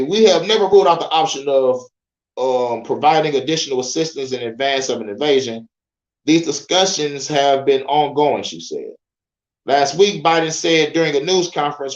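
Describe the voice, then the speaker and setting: A man's voice: fairly high pitch, roomy sound, muffled recording. A young man hosting a podcast, reading news aloud in a casual, profane way, often breaking off to joke and laugh and stumbling over names. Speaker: podcast host.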